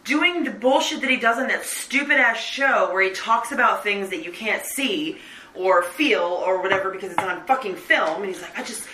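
A woman's voice: mid-range voice, expressive, normal speed, pushed and bright, recorded from a distance, slight background noise. A woman co-hosting a casual podcast chat, ranting with heavy swearing and bursts of laughter. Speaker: podcast co-host. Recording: roomy, from off-mic.

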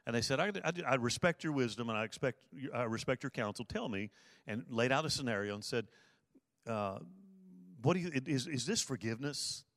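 An earnest male pastor delivering a sermon, repeating his key phrases to drive them home. His voice sits at an ordinary middle pitch and is recorded close and dry, with no room sound. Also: lively intonation, fairly quick, a bit bright, dry recording.

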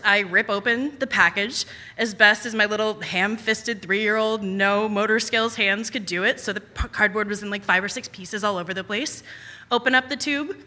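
A young adult woman telling a personal story on stage, animated and self-mocking with quick asides. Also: a little high. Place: stage at a live storytelling event. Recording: reverberant hall.

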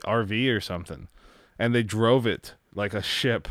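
A man's voice: fairly low pitch, normal speed, fairly bright tone, no echo, studio quality. A young man hosting a casual podcast, rambling and joking with many restarts. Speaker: podcast host.

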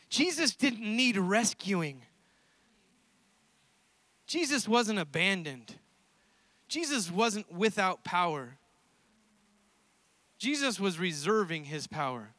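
A man with a high, light voice preaches to his congregation and tells the story with animated energy, breaking into frequent laughter as he goes. The sound is dry and close, with almost no room echo. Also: slow pace, long pauses. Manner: animated storytelling, laughs often between lines. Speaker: pastor. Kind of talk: sermon.

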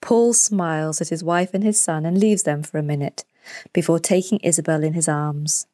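Woman storyteller, children's story, lowish voice, dry close recording. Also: fairly even intonation, moderate pace, warm tone, no echo. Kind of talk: scripted children's story narration.

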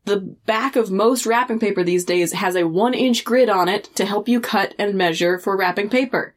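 An excitable woman chatting casually as a podcast co-host. Her voice sits at a middling height and leaps up into loud, laughing exclamations when she gets excited. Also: mid-range voice, normal speed. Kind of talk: casual chat.

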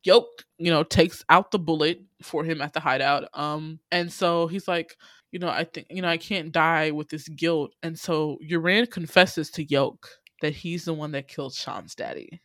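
A man casually recapping a TV series on a podcast, telling the story in lively bursts, acting out the characters' lines and swearing freely, with lots of "you know". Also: fairly high pitch, normal speed, dry recording, clean studio sound. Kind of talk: casual chat.

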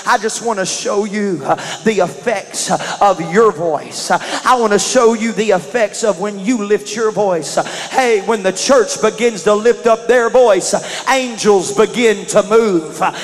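A man preaching a sermon in a church, moving from shouted calls to praise into relaxed, conversational explanation of scripture. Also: sits high, a little slow, hardly any pauses, big-room sound, faint music behind. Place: church sanctuary.

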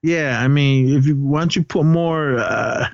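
A man's voice: fairly high pitch, a little slow, gravelly, dry recording, dull audio. A man co-hosting a podcast, recapping a film in casual chat, acting out lines loosely and laughing often. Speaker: podcast co-host.

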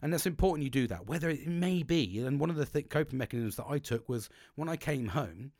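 Frank, swearing podcast host. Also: male voice, fairly high pitch, lively intonation, brisk, a little mellow, dry recording, clean studio sound. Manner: chatty and frank, swears freely, restarts sentences. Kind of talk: casual monologue on coping and mental health.

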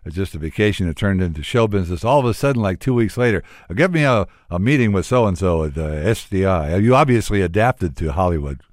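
A man with a lowish voice hosting a podcast interview. He asks his questions haltingly, with plenty of fillers. His voice is recorded close and dry. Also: animated, no echo. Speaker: podcast host. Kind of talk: casual interview.

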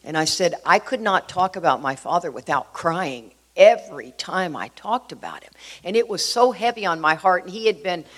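A woman's voice: lowish voice, expressive, moderate pace, fairly bright tone. A middle-aged woman from Texas, sharing a personal recovery story in an earnest, conversational way with many fillers. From Houston, Texas.

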